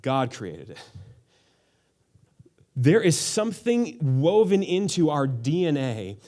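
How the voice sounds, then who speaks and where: Young male pastor, lively sermon delivery, swinging melody, light on his feet with comic bits. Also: a little high, slow. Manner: playful, animated, acts out quotes in funny voices. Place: church auditorium.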